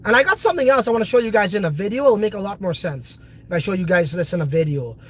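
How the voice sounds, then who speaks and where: A man's voice: high-pitched, expressive, quick pace, poor audio. A congested man hosting a casual crypto video, talking in a brash, profane, hyped way. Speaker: crypto project host.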